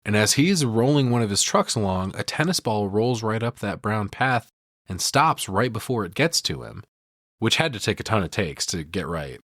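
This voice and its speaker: A man's voice: fairly low pitch, sing-song, normal speed, a bit bright, no room sound, clean studio sound. A male podcast co-host giving a profane, casual film breakdown. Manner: profane, storytelling recap.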